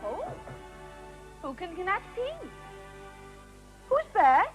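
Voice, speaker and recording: A sing-song housewife. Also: female voice, very high voice, sing-song, drawn-out words, over loud music, full character voice. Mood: homely. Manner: sing-song, jumbled words.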